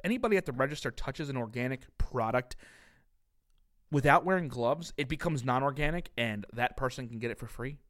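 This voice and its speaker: Podcast co-host, young man, mid-pitch voice, swears freely, exasperated storyteller. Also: a little fast, a bit bright. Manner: profane, exasperated ranting. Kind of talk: casual comedic storytelling.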